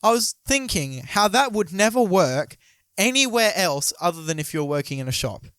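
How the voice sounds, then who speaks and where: A young man bantering as co-host of a casual podcast. His voice sits a bit high and swings lively up and down. He swears freely and laughs at his own jokes, recorded dry and close. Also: moderate pace, clean tone, no echo.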